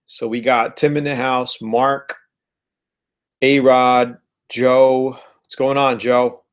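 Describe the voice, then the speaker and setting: A man's voice: medium pitch, little pitch movement, takes it slowly, smooth. Upbeat man hosting a live stream. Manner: upbeat, repeats words, shouts out viewers. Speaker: host of a live car-flipping webinar. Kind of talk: casual live-stream chat.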